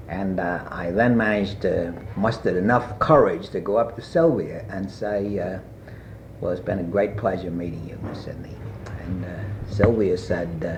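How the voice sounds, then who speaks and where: An older man being interviewed, telling a long personal anecdote in a rambling way with many pauses and fillers. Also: lowish voice, darkish tone, slight background noise. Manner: rambling anecdotal, frequent "uh" and asides. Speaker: interviewee recalling his past. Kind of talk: oral history storytelling. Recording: muffled archival tape.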